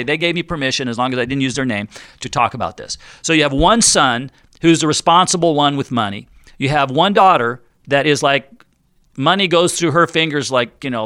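Bright, crisp-voiced radio host. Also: male voice, a little high, no echo, studio quality. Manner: jokey, chatty, self-deprecating. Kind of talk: radio talk show.

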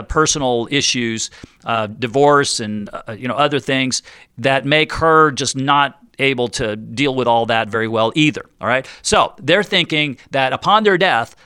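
A man's voice: medium pitch, bright, forceful tone, smooth, no room sound, studio quality. A man hosting a radio talk show on retirement planning, chatty and jokey, teasing listeners and often laughing at himself. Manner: jokey, chatty, self-deprecating.

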